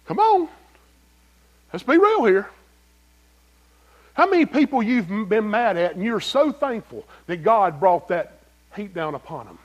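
Pastor, male, high lively voice, folksy preaching, direct questions to the pews. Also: measured pace, long pauses. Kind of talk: sermon.

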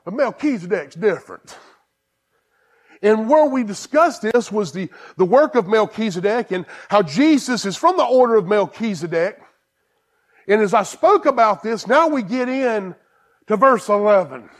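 A man preaching a sermon as pastor, excited and emphatic, repeating and restarting phrases. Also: sits high, normal speed.

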